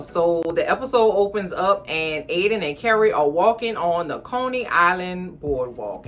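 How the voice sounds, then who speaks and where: Bright-voiced chatty woman vlogger. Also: fairly low pitch. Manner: animated, slangy, chatty, talks to viewers as cousins. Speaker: TV recap vlogger. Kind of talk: casual TV recap rant.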